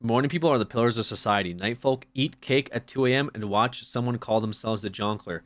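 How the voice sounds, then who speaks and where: A man's voice: mid-range voice, brisk, a bit bright. A man streaming, chatting casually, swearing often and acting out little scenes. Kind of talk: casual chat.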